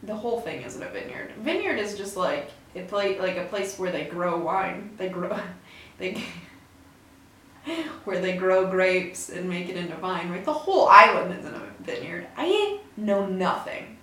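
A woman's voice: lowish voice, expressive, normal speed, pushed and bright, a little hiss or hum. A young woman hosting her own podcast, chatting casually, rambling and self-deprecating, swearing now and then. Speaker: podcast host. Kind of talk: casual solo chat. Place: room at home with door open. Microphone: desk mic.

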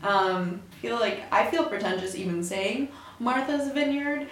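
Speaking into a desk mic in a room at home with the door open, a young woman chats casually on her solo podcast, rambling, self-deprecating and occasionally swearing. Her voice is a little high and animated, her pace measured, with a slight hiss or hum in the background.

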